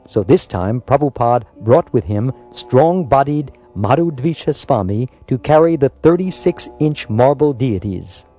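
A man reading a biographical story aloud in a measured, scripted narration. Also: medium pitch, dark tone. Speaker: audiobook narrator.

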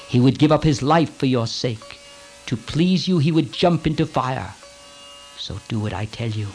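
A scheming woman servant from an old storybook tale, full of insistent, commanding urgency as she presses her mistress, with a man reading her lines. The voice sits at an ordinary middle pitch, with faint music underneath. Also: darkish tone.

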